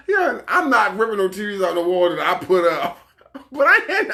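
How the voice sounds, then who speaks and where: Playful man, high bright voice. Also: very animated, measured pace, creaky. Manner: interjecting, laughing, playful. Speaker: co-host, husband. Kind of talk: casual chat.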